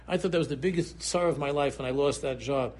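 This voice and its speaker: Husky rabbi giving a purim shiur, everywhere, goes quiet then suddenly loud and high, middle pitch. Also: male voice, quick pace. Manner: animated storyteller, swings between low murmurs and sudden high exclaims. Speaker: rabbi giving a Torah class.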